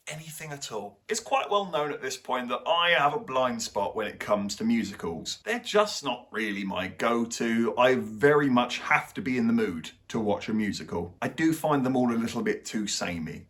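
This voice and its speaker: A young man, the host of a film-review channel, delivers his verdict bluntly and with dry sarcasm. His pitch sits in an ordinary middle range, and he speaks like an opinionated reviewer. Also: a bit bright.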